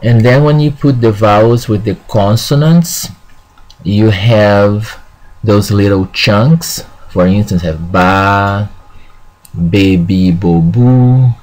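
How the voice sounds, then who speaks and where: A man with a fairly low voice teaching a language class. He talks slowly and deliberately and keeps saying "okay". He sounds out each example word with care. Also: steady tone, darkish tone. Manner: slow, repeats "okay" often, models words slowly. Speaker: Spanish teacher. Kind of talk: classroom lesson.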